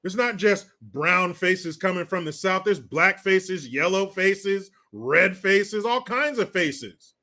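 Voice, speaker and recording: A man's voice: high voice, expressive, takes it slowly, hardly any pauses, pushed and bright. Sarcastic, foul-mouthed man ranting. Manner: crude and sarcastic, swears freely. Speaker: livestream host. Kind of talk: ranting political commentary.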